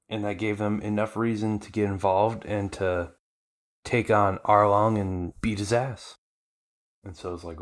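Man, podcast host, chatty animated retelling, lower voice. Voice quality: conversational, filler-heavy, animated retelling. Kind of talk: casual anime episode recap.

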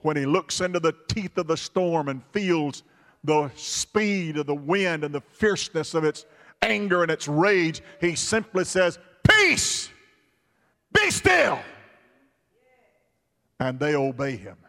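A man preaching a sermon with an emphatic, repetitive cadence that now and then bursts into shouts. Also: on the high side, unhurried. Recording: long reverb of a large hall.

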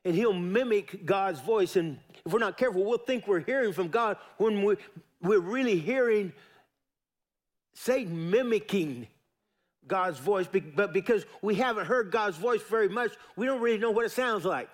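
High-voiced preacher man. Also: normal speed. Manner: folksy, repetitive emphatic preaching with asides to the congregation. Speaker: pastor. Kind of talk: sermon.

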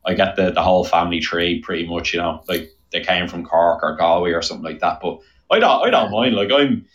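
A man's voice: low-pitched, fairly quick, a bit bright, lo-fi sound. A man with an Irish accent, a guest chatting casually on a podcast. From Ireland. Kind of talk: casual chat.

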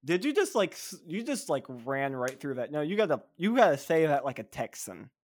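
Man, podcast co-host, casual chat, excited, rambling, lots of fillers. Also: on the high side, a little fast.

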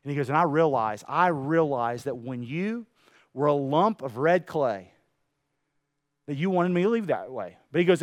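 A man preaching a sermon to a room, telling a parable with lively acted-out voices. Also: on the high side, brisk, no echo, clean studio sound. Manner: animated storytelling, acting out voices. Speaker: pastor. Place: room with an audience.

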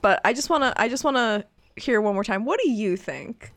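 Loud, animated woman podcast co-host. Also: fairly high pitch, fairly quick, no room sound. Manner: loud, animated, laughs often. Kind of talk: casual chat.

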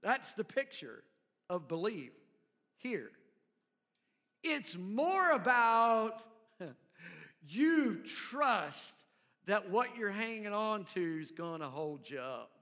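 A man's voice: sits high, very animated, takes it slowly, long pauses, pushed and bright. A male pastor preaching a sermon in a conversational way, often checking in with the congregation. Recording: long hall reverb.

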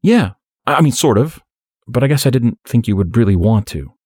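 A man's voice: mid-range voice, big pitch swings, brisk, darkish tone, husky, no room sound, studio quality, voice pushed up. A man voicing a nervous, evasive man in his twenties who stammers, in an audiobook reading. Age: 20s. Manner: hesitant, stammering.

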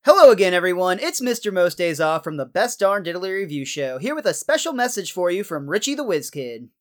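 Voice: mid-range voice, sing-song, fairly quick, close to an everyday voice. A performer voicing a cheerful small-town show host who announces a podcast promo. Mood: announcing.

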